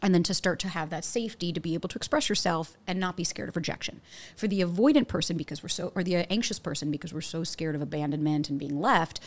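Woman, young adult, dating coach, rapid speech, slightly low voice, animated storytelling. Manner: animated, quick storytelling with acted quotes. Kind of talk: casual podcast conversation.

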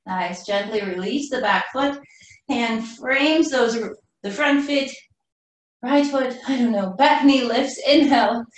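Flowing through the poses herself, a female yoga teacher gives calm, unhurried cues during a live class, her slightly high voice breathless from the movement. The mic picks her up from well off, so the studio's heavy echo rings around her words.

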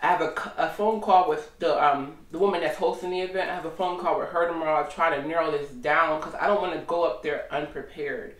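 A chatty woman talking through her week in a casual vlog, animated and open. She sits a bit back from the mic in a roomy, echoey space. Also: low-pitched, fairly quick, hardly any pauses, distant mic. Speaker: vlogger.

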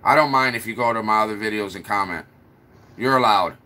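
A man's voice: on the low side, a little fast, bright, forceful tone. Scolding man on a livestream. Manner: repetitive, scolding, mock-patient. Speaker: livestream host. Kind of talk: casual livestream rant.

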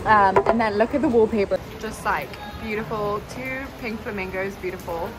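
Brief: young woman, phone-cam travel vlogger, excitable and chatty, speaking at a middling pitch with street noise clearly heard behind her. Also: moderate pace. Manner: chatty and excitable, many "like"s and laughs. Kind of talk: casual travel vlog talk. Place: out and about in a city, in and out of doors. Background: street and traffic noise.

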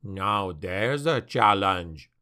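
A man voicing a gruff, grim male dwarf warrior who speaks curtly and scornfully, for an audiobook. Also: deep voice, lively intonation, drawn-out words, pushed and bright, voice pushed down, full character voice. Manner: growling, curt, scornful.

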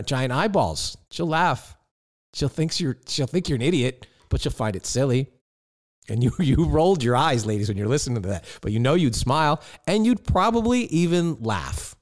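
Chatty man giving playful advice. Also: mid-range voice. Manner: playful, conversational, addresses listeners directly. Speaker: podcast host. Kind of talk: relaxed advice monologue.

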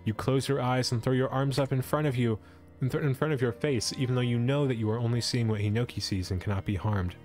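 A man's voice: mid-range voice, fairly even intonation, quick pace, a little mellow, soft background music. A young man streaming live, reading an adventure story aloud and breaking off to joke with his chat. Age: young adult. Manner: playful, breaks off to joke and comment. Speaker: esports streamer.

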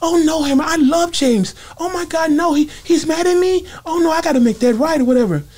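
A man doing a high, fretful male pop star. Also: brisk, darkish tone. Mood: distressed. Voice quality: high and breathy. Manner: fretful, pleading. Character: soft-spoken high-voiced male pop star, anxious.

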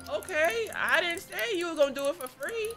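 A woman putting on a high, haughty voice for a fussy, greedy male clockmaker in a game. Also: expressive, moderate pace, sharp tone, faint music behind, exaggerated voice.

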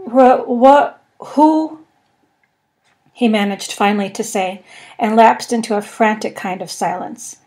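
A woman narrating a comic science fiction novel in a measured, wry storytelling manner. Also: medium pitch, darkish tone. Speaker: podcast narrator. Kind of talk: audiobook reading.

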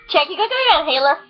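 A chatty woman rambles through a casual review at home and bursts into swearing. Her voice sits a little high. The recording is dull and lo-fi. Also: breathy edge. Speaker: anime reviewer.

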